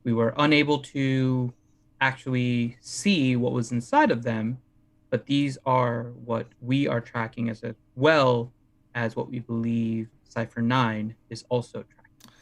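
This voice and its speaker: A man's voice: medium pitch, level tone, measured pace. Man speaking formally in character. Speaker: player. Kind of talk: in-character tabletop role-play.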